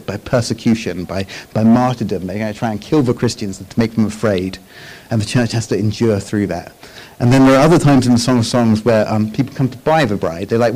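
A man with a fairly low voice delivers a casual, talky sermon, walking his listeners through scripture slide by slide. He keeps tossing in quick checks with the room and stumbles back into his sentences as he thinks aloud. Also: a little mellow, rough recording. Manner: chatty, frequent tag questions and restarts. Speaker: Bible teacher.

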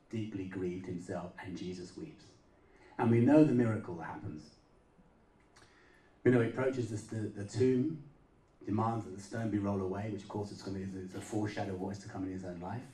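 A man's voice: on the low side, mellow. A man preaching a sermon in an emphatic, conversational way, repeating his words for stress. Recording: roomy echo, voice heard from a distance.

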